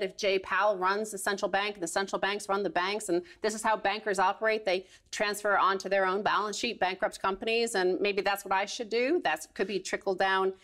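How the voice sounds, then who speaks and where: A woman's voice: medium pitch, fairly bright tone. A woman co-hosting a financial talk show, chatty and rambling, often laughing as she talks. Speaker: co-host.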